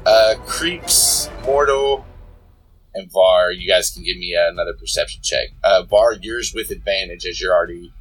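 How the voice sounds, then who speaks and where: Guy gm with a lowish voice, laid back, lots of uhs while he narrates the fight, faint music under it. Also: normal speed, breathy edge, rough recording. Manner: relaxed, chuckling, many fillers. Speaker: game master. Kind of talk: narrating a tabletop game.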